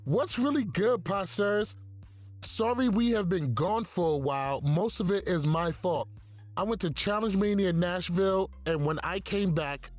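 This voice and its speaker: A man co-hosts a casual podcast, loose and profane, often laughing at his own jokes. His voice sits a little high for a man. Faint music runs behind him. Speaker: podcast co-host.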